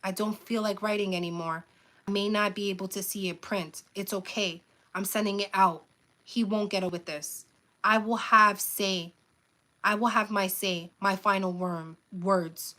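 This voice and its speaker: A woman hosting a live stream, reading a memoir aloud with frequent stumbles and self-corrections, pausing to plead with her viewers. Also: mid-range voice, fairly even intonation, pushed and bright. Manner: earnest pleas to viewers, frequent "um". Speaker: channel host reading a book aloud.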